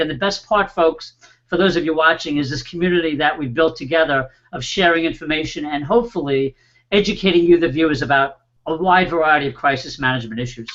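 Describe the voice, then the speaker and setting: A man's voice: on the high side, fairly bright tone, muffled recording. Man hosting an online panel. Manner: friendly, introduces guests with small fillers. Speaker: host.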